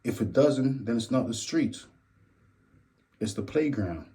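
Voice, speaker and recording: A man's voice: medium pitch, lively intonation, unhurried, mellow. A man hosting a reaction commentary, repeating phrases and lecturing about street life. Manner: repetitive, preachy, says "believe it or not". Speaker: commentary host.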